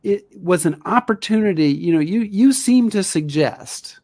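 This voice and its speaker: A man co-hosting a history show, asking the guest direct, measured questions. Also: high voice, expressive, a little mellow, no echo. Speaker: podcast co-host. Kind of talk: interview questions.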